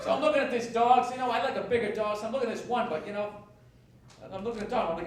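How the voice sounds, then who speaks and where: A man doing a stand-up comedy set, ranting and profane, swinging from low grumbles to shouted outrage. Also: steady tone, rapid-fire. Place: comedy club stage with audience laughter. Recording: echoey live stage recording from a distance, loud noise.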